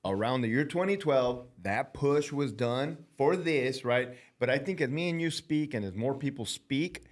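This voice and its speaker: Man, podcast host, former prison officer, blunt, heavy swearing, middle pitch. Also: lively intonation, normal speed. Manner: blunt and heavily profane. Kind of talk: casual podcast conversation.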